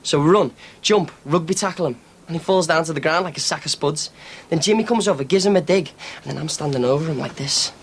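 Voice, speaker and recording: A man's voice: on the high side, fairly quick, hardly any pauses, slight background noise, natural voice. An actor playing a cocky, boastful young ex-con in a TV soap, telling his story. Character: cocky young ex-con man, brash braggart. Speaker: small-time criminal. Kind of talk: TV soap drama acting.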